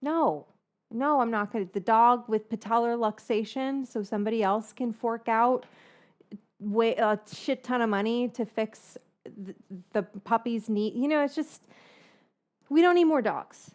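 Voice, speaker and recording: A woman's voice: a little high, measured pace. A woman, likely in her thirties, hosting a cooking livestream in a rambling, casual way and swearing freely. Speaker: livestream host baking from her cookbook.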